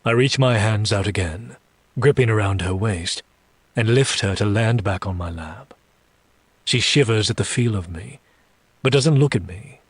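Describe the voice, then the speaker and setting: Husky low-voiced man narrating a story. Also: dry recording. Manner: slow, deliberate, low reading with menacing asides. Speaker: story reader. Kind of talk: first-person audiobook narration.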